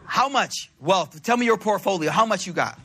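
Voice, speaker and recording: Guy putting on a calm wise old teacher, flat and blunt, kinda high bright voice. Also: normal speed, a little hiss or hum, exaggerated voice. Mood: deadpan.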